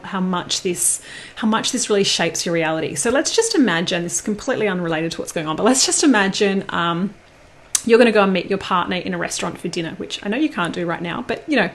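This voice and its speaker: A woman's voice: mid-range voice, a bit bright. A woman giving a casual motivational talk, conversational and repetitive, often checking in with "right?". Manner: conversational, repeats herself, frequent "right?". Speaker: motivational speaker.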